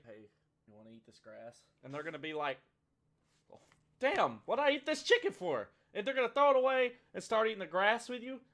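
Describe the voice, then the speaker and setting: High, animated, sarcastic male ranter. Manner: animated, sarcastic, profane ranting. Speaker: video commentator. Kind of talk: comedic commentary.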